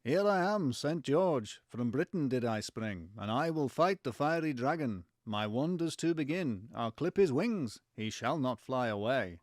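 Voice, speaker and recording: Man doing Saint George, Liverpool accent, slow verse, dry close sound. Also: mid-range voice, expressive, dry recording, lightly acted. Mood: heroic. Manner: declaiming verse with deliberate slow pacing. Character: heroic male knight Saint George. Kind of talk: comic folk play reading.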